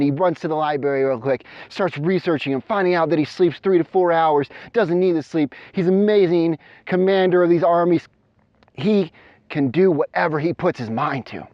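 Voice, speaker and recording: A man's voice: fairly high pitch, brisk, no echo. Guy telling a motivational story while jogging uphill outside, dry dull lo-fi sound. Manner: animated, speaking while running uphill. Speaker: motivational coach. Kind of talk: energetic storytelling vlog. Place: outdoors on a steep mountain trail.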